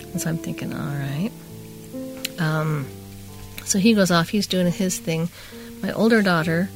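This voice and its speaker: A middle-aged woman with a lowish, gravelly voice spins a chatty, rambling story on a talk show. She slips into the voices of the people she quotes, and faint music plays behind her. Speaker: podcast co-host telling a story. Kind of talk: casual storytelling.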